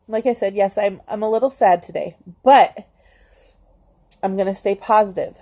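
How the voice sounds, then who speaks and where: A woman speaks straight to her viewers in a confessional vlog, her voice at an ordinary middle pitch. She is hesitant, stopping and restarting often with ums. She stays earnest as she talks herself into staying positive. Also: moderate pace, long pauses, mellow. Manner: self-encouraging, earnest. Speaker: vlogger.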